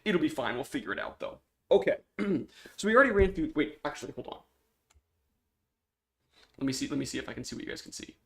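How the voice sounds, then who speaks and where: A young man talks casually on a live stream about the comic he is making. His voice sits fairly high for a man. He often cuts himself off, restarts sentences and clears his throat. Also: animated, fast, long pauses. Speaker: streamer and indie comic maker.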